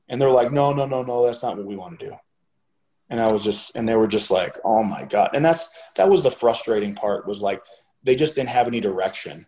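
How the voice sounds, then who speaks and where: A middle-aged man with a fairly low voice tells a long story in a casual, unpolished way. He swears freely and jumps up in pitch when he acts out other people's lines. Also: a little fast, low-quality recording. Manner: profane, animated when quoting others.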